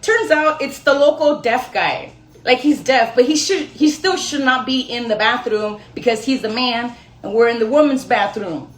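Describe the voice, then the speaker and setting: A young woman tells a long personal story straight to her viewers, rambling and poking fun at herself as she goes. Her voice sits a little high. The room around her gives a noticeable echo. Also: moderate pace. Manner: chatty, rambling, self-mocking with laughs. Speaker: storyteller vlogger. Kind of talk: casual storytelling to camera.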